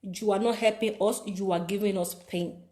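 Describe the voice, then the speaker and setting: A woman's voice: medium pitch, fairly even intonation, normal speed, a little mellow. A woman with a Nigerian accent giving preachy life advice, repeating phrases for emphasis. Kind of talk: motivational talk to camera.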